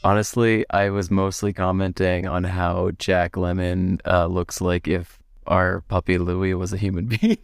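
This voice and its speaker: A man with a very deep, smooth voice chats on a podcast in a dry, teasing way. He is recorded close, with no room echo. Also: little pitch movement, unhurried, few pauses. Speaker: podcast co-host. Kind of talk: casual chat.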